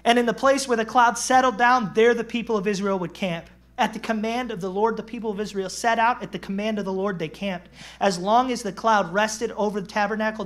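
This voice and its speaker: A male pastor preaching an animated, conversational sermon, acting out voices and laughing along the way. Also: sits high. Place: church.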